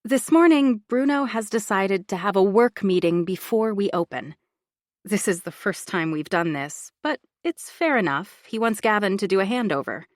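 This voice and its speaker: A woman reading a first-person audiobook thriller in an expressive, confiding inner-monologue style. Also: medium pitch, normal speed, no echo, clean studio sound. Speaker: audiobook narrator.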